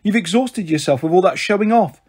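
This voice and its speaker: A man's voice: sits high, expressive, brisk, a little mellow, breathy edge, pitched above the performer's own voice. A man voicing an earnest, caring young girl who pleads and fusses.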